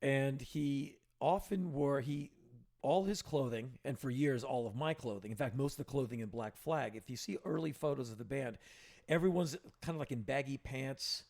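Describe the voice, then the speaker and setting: A gravelly mid-range voice at normal speed belongs to a middle-aged man co-hosting a podcast. His casual storytelling picks up energy when he quotes people.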